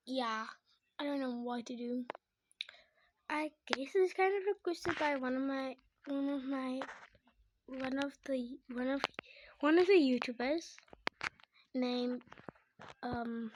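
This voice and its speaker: High-voiced hesitant young woman gamer. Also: slow, pauses often, noisy background. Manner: hesitant, rambling, many likes and restarts. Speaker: gameplay video maker. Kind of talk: casual gameplay narration with role-play.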